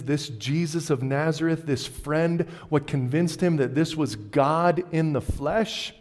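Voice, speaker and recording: Preacher with big swings in loudness. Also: male voice. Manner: animated, swings between loud emphasis and hushed low lines. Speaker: pastor. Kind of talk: sermon. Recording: long hall reverb.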